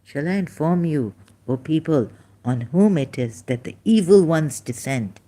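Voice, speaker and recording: A woman giving an informal critical commentary monologue, rambling and halting, with many restarts and rhetorical questions. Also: low voice, expressive, mellow. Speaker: online commentator.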